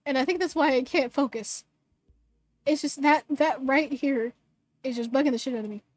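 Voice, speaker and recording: A woman's voice: sits high, normal speed, no room sound. A woman streaming a game at home, giggly and rambling, on a desk mic. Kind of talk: casual game commentary.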